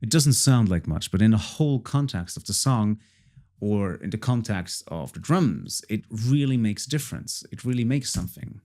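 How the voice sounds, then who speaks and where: A man's voice: lowish voice, expressive, normal speed, darkish tone, a little hiss or hum. A man casually walking through his own song project as a producer, chatty and repeating himself with frequent fillers. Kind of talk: casual tutorial walkthrough.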